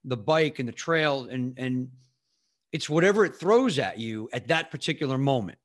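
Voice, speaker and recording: A man's voice: medium pitch, animated, normal speed. A man hosting a podcast, reflecting aloud in a casual, rambling way with many fillers. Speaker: podcast host. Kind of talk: casual interview conversation.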